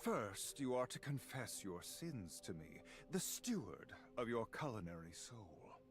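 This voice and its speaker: An actor playing a haughty, preachy air fryer priest in a video game, speaking in solemn, contemptuous sermon tones. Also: male voice, on the low side, sing-song, measured pace.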